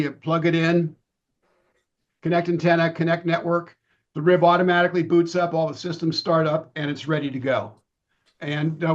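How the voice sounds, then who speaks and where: Middle-aged man, hoarse, dull call audio. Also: a little high. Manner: relaxed, with many ums and restarts. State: losing his voice. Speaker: presenter. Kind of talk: talk over video call. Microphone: video call.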